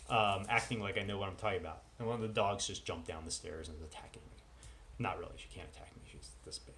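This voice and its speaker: A man's voice: sits low, fast, bright, forceful tone, slight background noise. A man vlogging at home in casual chat, rambling and full of self-deprecating asides. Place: at home with dogs.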